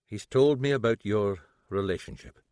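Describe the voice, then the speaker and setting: A man voicing a shrewd, middle-aged Scottish detective who needles a suspect slowly. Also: fairly low pitch, darkish tone, no room sound, clean studio sound, lightly acted. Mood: needling. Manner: slow, needling, toying.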